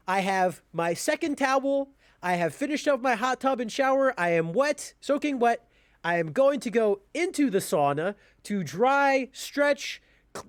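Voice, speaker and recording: A young man ranting in a commentary vlog, blunt, profane and animated. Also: very high voice, dry recording, studio quality. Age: young adult. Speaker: YouTuber.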